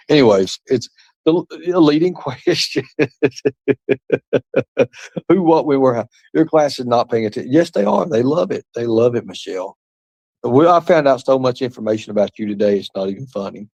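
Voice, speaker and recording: A man's voice: medium pitch, expressive, a little fast, darkish tone. Rambling, taunting man on a livestream. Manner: rambling, taunting, profane, drops to mutters. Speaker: livestream host. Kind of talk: rambling live-stream chat reading comments.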